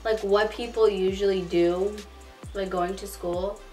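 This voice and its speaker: Fast-talking woman vlogger, distant mic. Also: mid-range voice, steady tone, warm tone. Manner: fast-talking, chatty, lots of "like". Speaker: beauty vlogger. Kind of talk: casual makeup tutorial chat. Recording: distant mic, faint background music.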